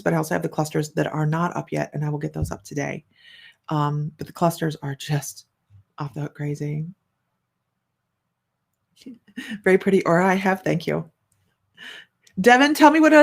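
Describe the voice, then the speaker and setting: A middle-aged woman with a deep, creaky voice hosts a psychic livestream. She chats casually and rambles while reading viewer comments aloud, her speech full of fillers and restarts.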